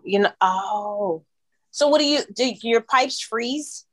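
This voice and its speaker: A woman from Florida co-hosting a relaxed podcast, her voice sitting a little high. She talks in an animated, playful way, full of exaggerated asides and questions. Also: slow pace. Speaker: podcast co-host. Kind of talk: casual chat.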